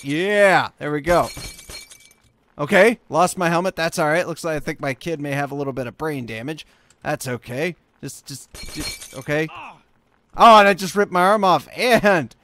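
A young man gives casual commentary over a video game he is playing. His voice sits high for a man, and he swings from muttering to himself to yelling and swearing whenever things go wrong. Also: slight background noise. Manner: excitable, swears and yells at the game. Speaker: gaming video host.

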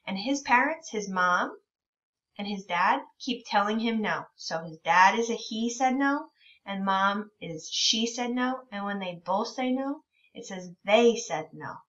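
A woman teacher leading a reading lesson for young children, encouraging them and reading words out very slowly. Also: medium pitch, a bit bright, far from the mic. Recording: dull lo-fi sound from a bit away from the mic.

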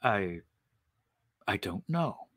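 A man voicing a timid, bewildered Martian man who speaks softly and hesitantly. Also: a little high, big pitch swings, unhurried, no room sound, clean studio sound, exaggerated voice. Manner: soft, hesitant, polite.

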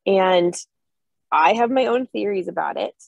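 A woman giving an earnest, animated personal testimony to an online support group. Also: mid-range voice, unhurried, creaky, dry recording, highs cut off. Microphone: video call.

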